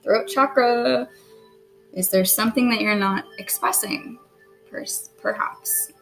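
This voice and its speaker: Lady doing a chill tarot reading, slow and chatty, a bit apologetic, keeps clearing her throat. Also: fairly high pitch, a bit bright, faint music behind, rough recording. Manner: chatty, apologetic and self-deprecating. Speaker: tarot reader.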